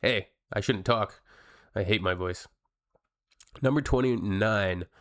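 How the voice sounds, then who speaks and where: Blunt, chatty man with a lowish voice. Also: takes it slowly, fairly bright tone. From Canada. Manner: blunt, chatty, addresses viewers. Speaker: reaction video host. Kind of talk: casual reaction commentary.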